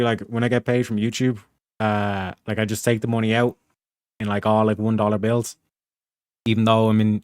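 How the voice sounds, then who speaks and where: A young man hosting a casual livestream, rambling through donation shout-outs with lots of slang and filler phrases. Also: on the low side, clear, resonant tone, dry recording, clean studio sound. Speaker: livestream host reading donations.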